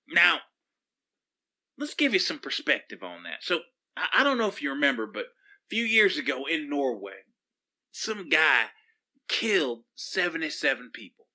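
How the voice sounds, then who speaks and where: Man playing a high, sharp-voiced call-in shrink, flippant and prissy, stammers when rattled. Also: exaggerated voice. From Oklahoma. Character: flippant middle-aged male pop psychologist radio host. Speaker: call-in show host. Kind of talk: comedic call-in radio show.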